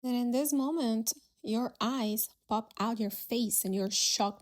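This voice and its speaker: A woman hosting a solo podcast, telling a story in a gentle, reflective way. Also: fairly high pitch, slow pace, few pauses. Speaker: podcast host.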